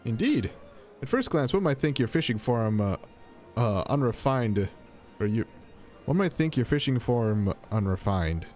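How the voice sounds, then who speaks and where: A man reads game dialogue aloud, voicing a boastful, impulsive middle-aged sushi chef from a video game in a hearty, self-assured way prone to grand pronouncements. His medium-pitched voice is sing-song, moderately paced and a little mellow, lightly acted over faint music.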